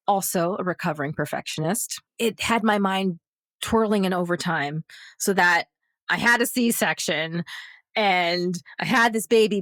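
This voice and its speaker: A woman, a guest actress on a podcast round table, telling a personal story in a lively way and acting out the other people's voices. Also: on the low side, no echo, clean studio sound. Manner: animated, acts out quoted voices.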